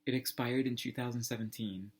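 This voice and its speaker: A man's voice: medium pitch, brisk. Rambling man telling a funny story. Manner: rambling, animated, heavy use of "like" and restarts. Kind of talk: casual anecdote telling.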